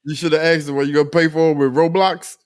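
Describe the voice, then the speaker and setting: A man's voice: a little high, little pitch movement, over a noisy crowd. A man chiming in on a comedy podcast with short jokes and reactions. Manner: quick reactive quips and laughs. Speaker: podcast co-host. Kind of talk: casual comedic banter.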